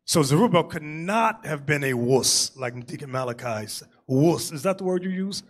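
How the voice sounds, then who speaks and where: A man preaching a sermon as bishop, telling stories with jokes and loud shouted asides. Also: a little high, normal speed. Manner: animated, joking storytelling with shouted asides.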